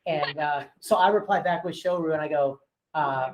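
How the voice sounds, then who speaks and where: Chatty broker telling war stories. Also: male voice, fairly high pitch, moderate pace, slight background noise, poor audio. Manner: storytelling, acting out phone calls with voices; frank, chatty, with many fillers. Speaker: real estate broker and owner leading agent training. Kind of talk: casual training talk to a room of agents.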